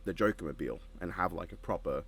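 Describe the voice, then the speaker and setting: Australian man, fairly low voice, rambling casual chat, co-host. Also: quick pace, a bit bright. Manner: rambling, with frequent restarts and laughs. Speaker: co-host reacting to an episode.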